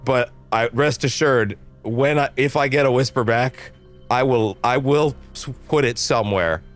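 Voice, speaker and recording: A man rants to his stream chat in a lively, profane way, his voice jumping up and down as he gets worked up. He talks at an average pitch over faint game music in the background. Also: measured pace. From Canada. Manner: animated, profane ranting with shifting pitch. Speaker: livestreamer. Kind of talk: casual livestream chat.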